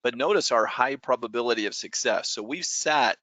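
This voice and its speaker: A man co-hosting a trading show, calmly explaining options strategy. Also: mid-range voice, moderate pace, dry recording. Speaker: co-host, trading instructor.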